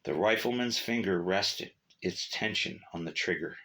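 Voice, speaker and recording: A man narrating a short story in a measured, steady reading. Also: on the low side.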